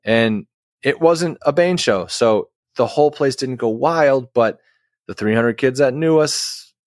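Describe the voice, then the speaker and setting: A man's voice: mid-range voice, measured pace, no echo, clean studio sound. A man who is a guest musician, telling a long story in a casual interview, rambling with many restarts and fillers.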